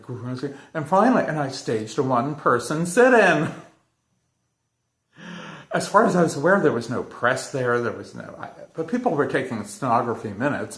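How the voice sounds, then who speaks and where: A man's voice: medium pitch, a bit bright, echoey room. An older man with a blend of Australian, London and Welsh accent, telling a casual unscripted story and acting out the quoted dialogue as he goes. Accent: mix of Australian, London and Welsh. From Pennsylvania. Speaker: retired architect. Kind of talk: casual spoken reminiscence.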